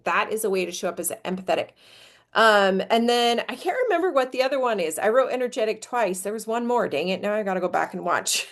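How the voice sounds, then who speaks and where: A middle-aged woman hosting a casual live business coaching stream. She talks in a chatty way with many fillers. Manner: chatty, filler-heavy, jumps up high when demonstrating energy.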